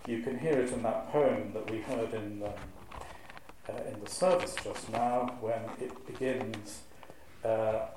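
A clergyman gives a lively, wry talk to an audience and beats out the rhythm of the verse he recites. His voice is mellow and warm. He was recorded in a large, very echoey church hall with a faint hum of room noise behind him. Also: lowish voice, unhurried. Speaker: clergyman giving a talk on preaching. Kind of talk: lecture to a live audience.

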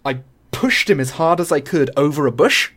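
A woman's voice: low voice, moderate pace. A young woman with a British accent tells a story casually on a podcast, swearing freely and acting out what others said. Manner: animated, swearing, acts out quotes. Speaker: podcast guest.

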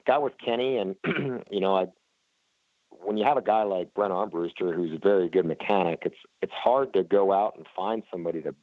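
A man's voice: sits low, brisk, dry recording, narrow, tinny audio. A man, a racer being interviewed, talking casually and rambling with lots of fillers and restarts. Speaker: flat track racer, guest.

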